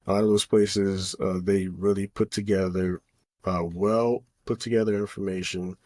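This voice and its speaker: A man with a fairly low voice co-hosts a podcast in loose, casual chat. He rambles, leaning on fillers and restarts as he works through his thoughts. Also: level tone, normal speed, darkish tone. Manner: rambling, heavy on fillers like "you know" and "um". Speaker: podcast co-host.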